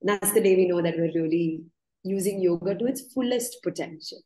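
A woman's voice: lowish voice, fairly quick, warm tone, echoey room, poor audio. A woman yoga teacher telling personal stories in an interview, earnest and often restarting her words with a laugh. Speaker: yoga teacher, podcast guest. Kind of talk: reflective interview storytelling.

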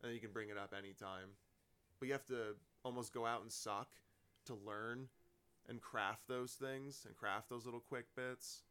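A young man talks as a podcast guest and stand-up comic. His speech rambles in loose chat, packed with filler words and easy laughter, at a middling pitch. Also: steady tone, moderate pace, sharp tone, smooth. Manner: rambling, full of "like", laughs often. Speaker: comedian guest. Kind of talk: casual chat.

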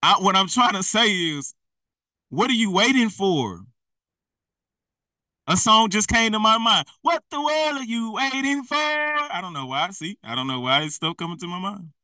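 A man's voice: high voice, lively intonation, moderate pace, pauses often, pushed and bright, dry recording, far from the mic, poor audio. A man preaching in a blunt, slangy, exhorting way, often laughing at himself. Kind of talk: fiery street-style preaching.

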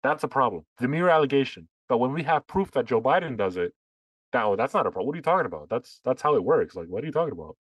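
A man holds forth on a political podcast, sarcastic and full of restarts as he builds his point. His voice sits at an ordinary pitch, recorded dry and close with no room sound. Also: very animated, quick pace, slightly rough, no room sound, poor audio. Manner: sarcastic, talks in long runs with restarts. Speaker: podcast co-host. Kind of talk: casual political chat.

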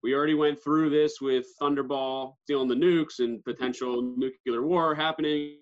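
A man's voice: a little high, fairly even intonation, normal speed, lo-fi sound. A man co-hosting a podcast in casual chat, talking things through and checking in with "right?". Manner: conversational, repeats "right?" to check in. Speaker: podcast co-host.

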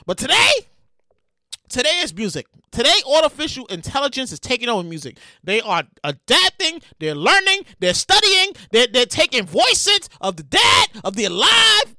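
A podcast host, heard as a woman, ranting excitedly, often stammering and repeating herself, sometimes shouting and making dramatic outbursts. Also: high voice, no room sound. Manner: sound effects and dramatic outbursts. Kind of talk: excitable comedic rant.

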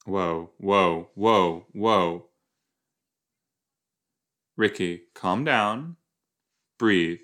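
A man's voice: sits low, extremely slow, long pauses, fairly bright tone. A man hosting a podcast, rambling playfully and reacting casually to an episode as he watches, with silly made-up words. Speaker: podcast host.

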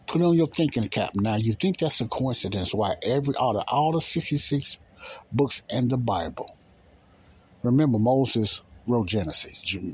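A man's voice: lowish voice, slightly rough, low-quality recording. A man preaching in a conversational style, repeating key phrases and pressing his listeners with rhetorical questions. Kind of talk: informal preaching.

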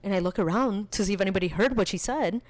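A young woman chatting casually, telling a personal story in an animated way with lots of filler words. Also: mid-range voice, fast. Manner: chatty, animated, full of filler likes, laughs while telling. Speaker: podcast guest.

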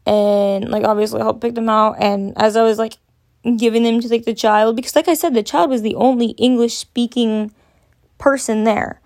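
A woman's voice: on the high side, steady tone, moderate pace, a little mellow. A young woman telling a casual, rambling story, full of "like" and loose swearing. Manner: rambling, filler-heavy, frequent "like". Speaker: podcast host.

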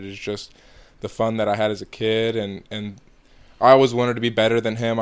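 A young man from Georgia answering interview questions in a relaxed, halting way with lots of fillers. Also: on the low side, smooth. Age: young adult. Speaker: college baseball player, guest.

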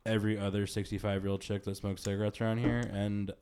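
A man's voice: fairly low pitch, little pitch movement, fast, warm tone, clean tone. A young man co-hosting a comedy podcast, blunt and crude in banter. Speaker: podcast co-host.

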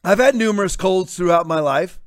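A man in his fifties hosts a talk show and rants with combative sarcasm. His voice sits high for a man. The recording is dry and close. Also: expressive, fairly quick, dry recording. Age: 50s. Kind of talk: opinionated commentary.

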